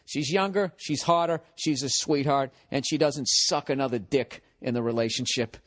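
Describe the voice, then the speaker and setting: A man's voice: mid-range voice, normal speed, fairly bright tone, no echo. A man giving heated, profane advice in a pushy, ranting way. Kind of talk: angry advice rant.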